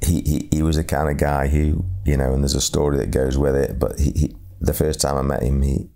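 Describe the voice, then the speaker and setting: A middle-aged man telling a reflective story, halting and repeating words in a slow, measured way. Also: extremely low pitch, flat delivery, creaky, dark tone. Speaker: speaker sharing lessons on leadership.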